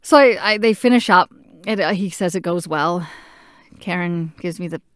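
A woman casually telling a personal story in an animated way, acting out what people said to her. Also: fairly low pitch, normal speed, clear, resonant tone, no room sound, studio quality. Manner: animated, acts out what others said. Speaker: patient recounting a procedure.

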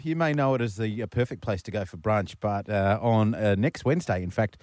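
A man's voice: lowish voice, darkish tone, dry recording. A young man hosting a radio show, bantering and teasing his co-host and callers. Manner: joking, teasing, quick patter.

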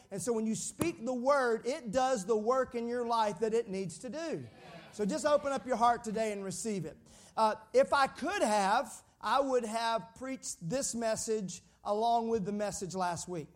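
A fairly high-voiced man preaching. He jokes with the congregation, calls on them to repeat his words back, and keeps the sermon lively and conversational. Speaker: pastor.

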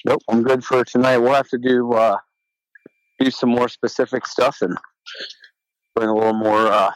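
A man's voice: medium pitch, flat delivery, normal speed, dry recording, low-quality recording. A man co-hosting a casual podcast, speaking in a laid-back, wry way. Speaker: podcast co-host. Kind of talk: casual chat.

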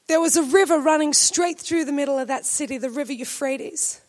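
A woman with a high, bright voice preaches a sermon to her congregation with emphatic conviction, speaking fairly quickly. She pushes certain phrases up into loud, ringing, shouted declarations.

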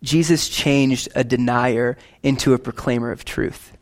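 A young man preaching a sermon to his church in a lively, conversational way, with quick asides and casual slang. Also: medium pitch. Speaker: pastor.

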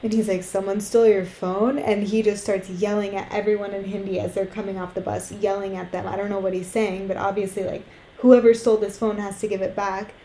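A young woman co-hosting a podcast, talking frankly and acting out the lines of people in her story. Her voice is mellow and dark. The room is echoey, with a faint hiss behind her. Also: mid-range voice, little pitch movement, brisk. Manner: candid storytelling, swears freely, acts out quotes. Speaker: podcast co-host. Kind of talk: casual chat.

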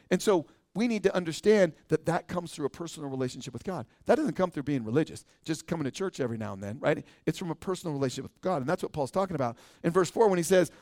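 An American man, a pastor, preaching a conversational sermon and often ending points with a quick "right?". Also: sits high, darkish tone, no echo, clean studio sound. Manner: conversational preaching, frequent tag question "right?".

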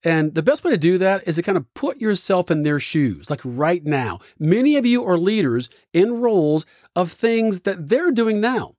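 A man with a fairly high voice delivers leadership advice as a motivational host. His punchy, energetic storytelling sounds dry and close to the mic. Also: moderate pace, hardly any pauses, dry recording. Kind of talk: motivational talk.

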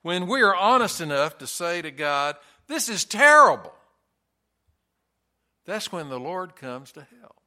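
A man's voice: a little high, lively intonation, normal speed, sharp tone. A man preaching a sermon in a church, earnest and folksy, telling stories with touches of humor. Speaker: pastor.

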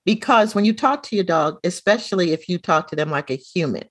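A middle-aged woman co-hosting a casual chat, telling a lively story and acting out the dialogue. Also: on the low side, brisk, breathy edge, no room sound. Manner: animated storyteller, acts out quoted dialogue.

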